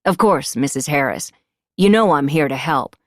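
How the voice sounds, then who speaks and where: A woman's voice: low voice, lively intonation, normal speed, no room sound, studio quality. A woman narrator voicing a weary male police detective who speaks formally and deferentially. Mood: dutiful. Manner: formal, deferential, says ma'am.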